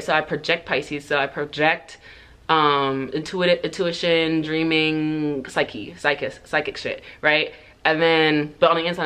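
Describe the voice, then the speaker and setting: A woman's voice: low-pitched, a bit bright. A woman chatting casually to her viewers, rambling through answers with lots of "like" and "um", often going off on tangents and laughing between sentences. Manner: rambling, full of "like" and "um", goes off on tangents. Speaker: hair vlogger. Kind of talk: casual get-to-know-me chat.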